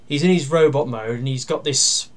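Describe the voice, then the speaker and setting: A man giving a casual toy review. He talks through each step while handling the toy, pausing and using fillers, and grumbles dryly about its flaws. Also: medium pitch. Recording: steady background noise with plastic clicks.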